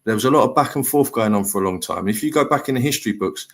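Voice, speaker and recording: A man's voice: medium pitch, animated, racing. A middle-aged man hosting a live stream panel, talking bluntly and lecturing in a heated chat.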